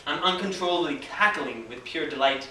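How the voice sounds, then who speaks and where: Male storyteller, wry and vivid, bright tone, recorded from a distance in an echoey room. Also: fairly high pitch, expressive, normal speed, slight background noise. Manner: wry, vivid, laughs at his own story. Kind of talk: live storytelling performance.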